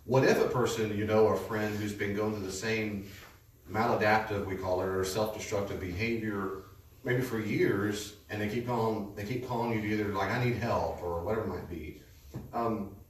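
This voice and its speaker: A man's voice: on the low side, normal speed. Lecturing man, echoey room from afar. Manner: lively storytelling, lecturing. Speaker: speaker teaching a class. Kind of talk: conversational teaching talk. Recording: echoey room, distant mic, faint noise.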